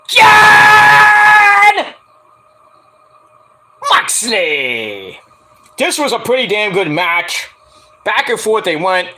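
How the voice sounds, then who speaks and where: Bright-voiced rambling male reviewer. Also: high-pitched. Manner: rambling, profane, with many fillers. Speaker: wrestling show reviewer. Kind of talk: casual spoken review.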